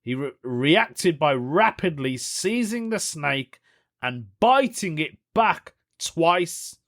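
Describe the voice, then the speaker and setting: A man's voice: a little high, big pitch swings, takes it slowly, fairly bright tone. A man hosting a solo podcast, chatting casually, reading a news story aloud and reacting with amused disbelief. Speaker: podcast host.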